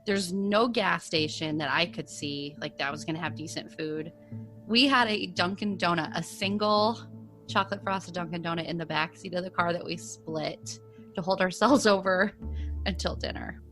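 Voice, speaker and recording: Woman co-host with a fairly low voice, rambling storyteller, faint music in the background. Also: moderate pace, fairly bright tone. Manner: rambling, with lots of "like" and laughs. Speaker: podcast co-host. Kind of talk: casual storytelling chat.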